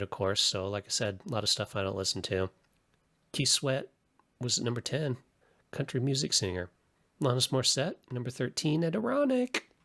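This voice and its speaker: A man's voice: mid-range voice, fairly bright tone, dry recording, clean studio sound. A man hosting a podcast, giving casual pop-culture commentary in a chatty, opinionated way with frequent asides. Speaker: podcast host.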